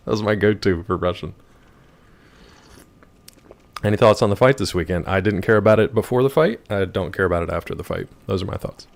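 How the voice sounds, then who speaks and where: A hoarse man chatting casually and joking with viewers while he plays a video game. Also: low-pitched, brisk. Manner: joking, rambling, chats with viewers. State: hoarse from yelling. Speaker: gaming streamer. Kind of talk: casual gameplay commentary.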